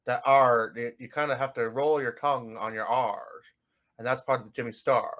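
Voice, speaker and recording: A man's voice: medium pitch, steady tone, moderate pace, fairly bright tone. A man co-hosting a casual podcast chat, jokey and rambling, laughing often. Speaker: podcast co-host.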